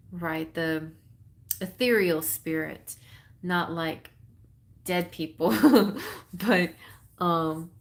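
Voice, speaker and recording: A woman with a Texas accent chats her way through a live tarot stream, her voice sitting a little low. She rambles, leans on fillers and laughs often between thoughts, keeping it loose and conversational. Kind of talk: casual live-stream chat.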